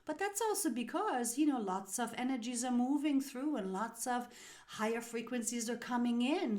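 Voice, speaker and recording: A woman hosting a spiritual self-help podcast, talking in a slow, soothing, guiding way that sometimes drops into soft whispers. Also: mid-range voice. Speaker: podcast host.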